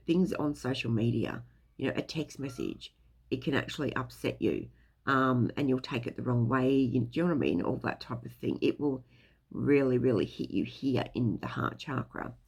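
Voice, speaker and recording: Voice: mid-range voice, creaky, slightly rough. A speaker giving a casual, rambling talk on spiritual topics, full of fillers and loose swearing. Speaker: spiritual teacher.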